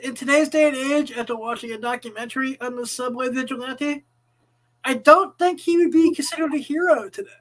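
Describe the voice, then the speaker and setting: A man chatting on a podcast, halting and stammering as he repeats his words. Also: extremely high pitch, fairly bright tone, poor audio. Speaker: podcast co-host. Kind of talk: casual chat.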